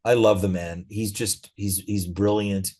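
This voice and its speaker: Middle-aged male guest, low mellow voice, easygoing anecdotal delivery. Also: measured pace, husky. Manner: relaxed storytelling with frequent fillers. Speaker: interview guest, physician. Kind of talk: conversational interview.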